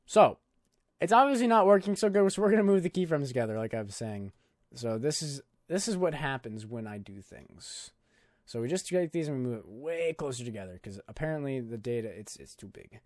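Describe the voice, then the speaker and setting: A man's voice: mid-range voice, big pitch swings, a little fast, dry recording, studio quality. A young man hosting a casual screen-recorded video editing tutorial, talking in a loose, jokey, filler-heavy way. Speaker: YouTube tutorial host.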